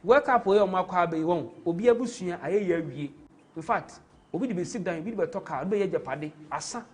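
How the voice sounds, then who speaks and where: A man with a Ghanaian accent hosts a live football stream, his voice sitting a little high. He talks with passion and rambles from one point to the next, mixing in Twi phrases. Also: animated, moderate pace. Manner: impassioned, rambling, switches into Twi. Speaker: host.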